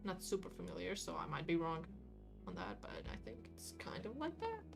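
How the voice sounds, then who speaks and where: Low-ish woman chatting on an art stream, lots of likes and i don't knows, music playing clearly behind. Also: sing-song, brisk. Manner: rambling, hedging, many fillers and restarts. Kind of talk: casual chat while painting on stream.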